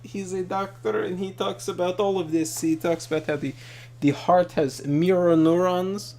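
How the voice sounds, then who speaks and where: A man's voice: high voice, normal speed, pitched above the performer's own voice. A man putting on the voice of his earnest, rambling aunt who speaks broken English. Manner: excited, rambling, broken grammar.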